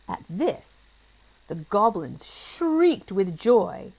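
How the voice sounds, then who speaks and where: A woman reading a children's chapter book aloud in an expressive, playful storytelling manner. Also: medium pitch, takes it slowly, poor audio.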